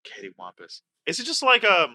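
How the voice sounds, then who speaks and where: A young man co-hosting a podcast in casual chat, excitable and loud and swearing freely. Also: high voice, brisk. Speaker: podcast co-host.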